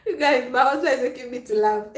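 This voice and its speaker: A high-voiced woman hosts a live chat stream, chatting casually with her viewers from an echoey room. Frank and playful, she laughs a lot and slips Pidgin into her English.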